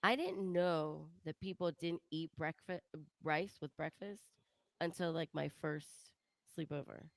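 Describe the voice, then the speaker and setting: A woman co-hosting a podcast, telling stories in a chatty way with a gravelly, fry-heavy voice. The sound is dry and close. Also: low-pitched, a little slow, dry recording. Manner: chatty storytelling, laughing. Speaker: podcast co-host. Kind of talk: casual chat.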